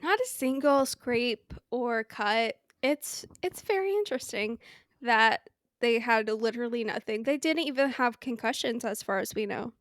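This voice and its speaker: A woman's voice: on the high side, lively intonation, a little slow, no room sound, studio quality. A woman co-hosting a podcast in casual chat, rambling with many "like" fillers and rhetorical questions. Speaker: podcast co-host.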